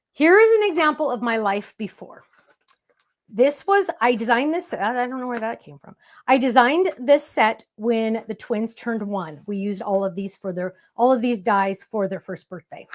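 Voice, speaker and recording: A woman with a high voice hosts a live-streamed craft demonstration. She keeps up a chatty, playful patter with her viewers in the chat while she works at her table. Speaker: crafting show host.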